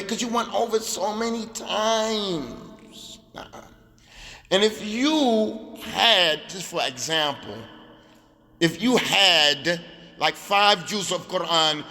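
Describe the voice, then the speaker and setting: A man's voice: high-pitched, bright, forceful tone. A man teaching an Arabic class in a mosque, emphatic and repetitive, drilling phrases aloud. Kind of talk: lecture in a mosque. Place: mosque hall. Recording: long hall reverb.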